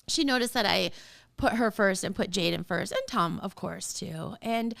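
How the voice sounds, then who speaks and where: A woman in her forties hosting a casual podcast, talking straight to parents in an animated, emphatic way and often laughing. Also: medium pitch, moderate pace, gravelly. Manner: talks straight to listeners as a parent. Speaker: podcast host.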